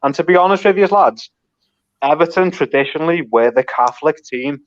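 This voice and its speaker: A man's voice: fairly high pitch, expressive, fairly quick. A man chatting casually with the lads, calling everyone mate. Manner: matey, chatty. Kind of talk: casual online banter. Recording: lo-fi muffled audio.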